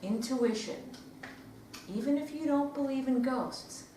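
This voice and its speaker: A woman giving a dramatic storytelling speech at a speaking club, swinging between hushed whispers and loud outbursts. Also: high voice, unhurried. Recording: very echoey room, distant mic, faint noise.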